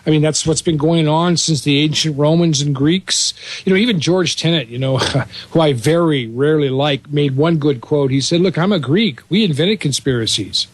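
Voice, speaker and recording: A man's voice: a little high, fairly even intonation, normal speed, no echo. Chatty, rambling male radio guest. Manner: chatty, rambling, with frequent fillers. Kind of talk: casual talk radio chat.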